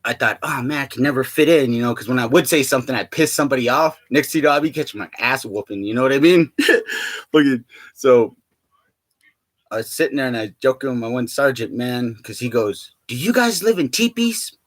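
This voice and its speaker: A man's voice: mid-range voice, fairly quick, a bit bright, no echo. A young man vlogging in a rambling, profane, joking monologue, laughing often and full of fillers. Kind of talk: rambling casual monologue to camera.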